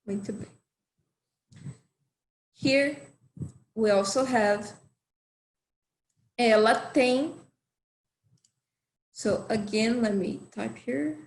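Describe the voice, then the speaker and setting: A woman gives an online language lesson at an unhurried, deliberate pace, repeating each point with patience. Her voice sits a little high. The recording has a roomy echo with faint noise underneath. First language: Portuguese. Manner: slow, patient explaining with repetition. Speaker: language teacher. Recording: echoey room.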